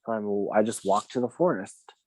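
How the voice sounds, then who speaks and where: A man's voice: fairly low pitch, moderate pace, a little mellow. A man in a past-life regression session, casually recounting what he sees. He laughs often and acts out the people he quotes. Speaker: regression client.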